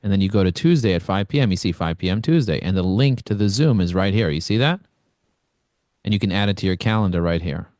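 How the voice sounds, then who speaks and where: A man from Brooklyn, New York, coaching an online group on a video call with blunt, energetic, conversational talk. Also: low-pitched, fast talker, no echo, clean studio sound. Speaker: networking coach, host.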